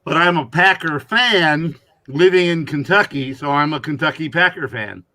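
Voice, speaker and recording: Bright-voiced easygoing Wisconsin man. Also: on the high side, moderate pace, no echo. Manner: easygoing, joking. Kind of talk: casual chat.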